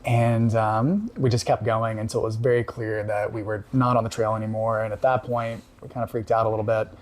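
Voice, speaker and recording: A man calmly recounting a personal story in casual conversation, reflective, with frequent pauses and fillers. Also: on the low side. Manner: reflective, halting with many fillers. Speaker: podcast guest.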